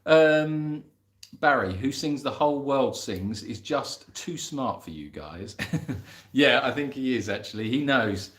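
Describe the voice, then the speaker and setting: The recording has a roomy echo. An English man hosts an informal live Q&A for an animal sanctuary, his medium-pitched, fairly bright voice lively in intonation but a little slow, as he rambles, laughs at himself and reads out what viewers send in.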